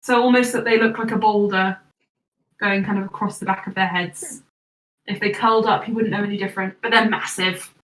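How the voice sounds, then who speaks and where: A woman narrating as game master of a tabletop game in a relaxed, casual way. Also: medium pitch, a little fast. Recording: echoey room, far from mic.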